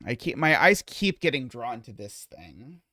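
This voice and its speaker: A man streaming a puzzle solve, thinking aloud in a hesitant, muttering way with many filler pauses. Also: mid-range voice, very animated, sharp tone, no room sound, studio quality.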